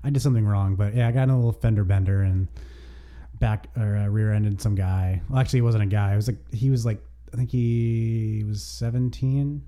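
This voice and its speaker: A man's voice: on the low side, fairly even intonation, a little fast, mellow. A man co-hosting a casual podcast, telling a story in a rambling, easygoing way full of "like". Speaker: podcast co-host. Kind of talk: casual chat.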